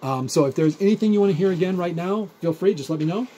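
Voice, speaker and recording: A man's voice: high-pitched, fast talker, dark tone, a little hiss or hum. A man teaching a physics lesson in a chatty, rambling way, using everyday examples. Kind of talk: recorded video lecture.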